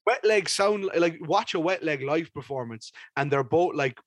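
A young man hosts a podcast and gives his take on a record in a loose, rambling way, swearing as he goes. His voice sits fairly high for a man. The sound is dry and close, with no room around it. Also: normal speed, dry recording. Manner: rambling and animated, with casual swearing. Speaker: podcast host. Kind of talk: casual music review chat.

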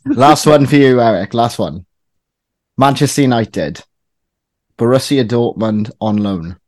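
This quiz host is a man with a medium-pitched, slightly mellow voice who speaks unhurriedly. Among friends, he reads football clubs out one at a time in a teasing tone, recorded without echo.

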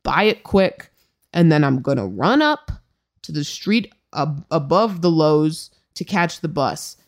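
A young woman co-hosting a podcast, telling a story in a casual, animated and profane way. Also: deep voice, measured pace. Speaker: podcast co-host.

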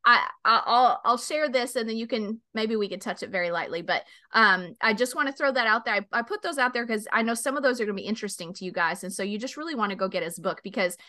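A woman's voice: fast, few pauses. A woman in her forties hosting a podcast, telling a story animatedly and acting out the voices. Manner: animated storyteller, acts out voices with big pitch jumps. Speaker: podcast host. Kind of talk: casual chat, storytelling.

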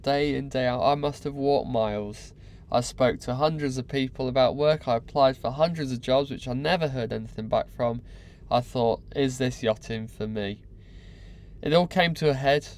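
A man with a mid-range voice recounts his own story to camera, candid and animated. He leans on repetition and casual slang to drive each point home. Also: mid-range voice, normal speed. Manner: candid, animated, repeats words for effect.

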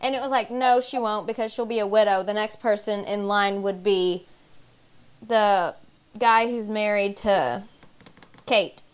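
A woman's voice: mid-range voice, steady tone, measured pace, clear, resonant tone. A young woman co-hosting a podcast, chatting casually with a giggly, rambling, blunt way of talking. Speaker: podcast co-host. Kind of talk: casual chat.

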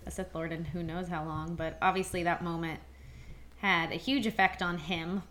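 A woman with a fairly low voice co-hosts a relaxed podcast conversation. She talks in a measured, unhurried way, often pausing on "um" and moving the discussion along with questions. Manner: measured, steers the talk with questions, frequent "um" pauses. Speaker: podcast co-host.

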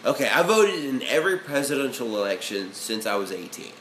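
A man co-hosting a casual podcast chat, talking in a profane, excitable way and breaking into loud shouted bits. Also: medium pitch, fairly quick. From Alabama. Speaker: podcast co-host. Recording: echoey room with faint ambient noise.

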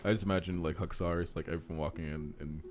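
A man playing a tabletop fantasy game, speaking in a hesitant, halting way. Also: low-pitched, fairly even intonation, darkish tone, soft background music. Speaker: player.

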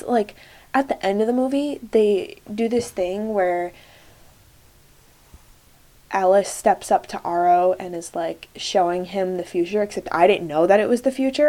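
A woman's voice: fairly low pitch, a little mellow. A young woman hosting a solo podcast, chatting casually and gushing, with lots of "like" and "um". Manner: gushing, many fillers like "like" and "um". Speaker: podcast host.

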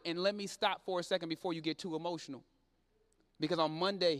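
A man preaching a sermon in church, dropping low and quiet then building up loud and fervent. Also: steady tone, fast talker, long reverb tail. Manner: swings from low and quiet to loud and shouting, plain Southern-leaning speech.

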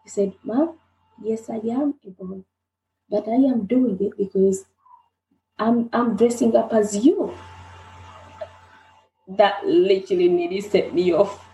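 A woman's voice: mid-range voice, dark tone. Woman telling a story in an echoey room. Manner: halting, repeats herself, acts out dialogue. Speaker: interview guest. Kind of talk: emotional personal storytelling. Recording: roomy echoey sound.

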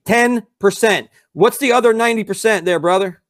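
A high-pitched man argues hard on a live stream, cursing often and mocking the other side with sarcasm. His voice sits well above most men's, and he talks fast when he gets going. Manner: profane, combative, sarcastic. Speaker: co-host. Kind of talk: heated live-stream debate.

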